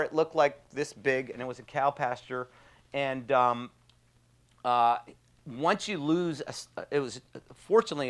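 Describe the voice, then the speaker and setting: A man, telling a story casually with many fillers and laughs. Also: mid-range voice. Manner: animated anecdote with frequent fillers and laughs. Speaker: trauma surgeon guest.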